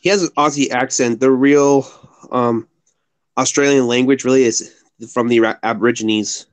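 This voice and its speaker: A man's voice: medium pitch, steady tone, moderate pace. A man from the United States chatting casually and jokingly with the host. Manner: jokey, laughs often.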